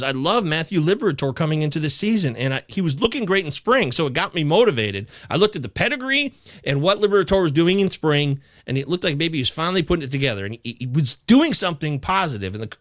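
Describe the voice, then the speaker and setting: A man hosting a live fantasy baseball chat show, reading viewer comments aloud with excitable, casually profane banter. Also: on the high side, fast, dry recording, studio quality. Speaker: fantasy baseball podcast host.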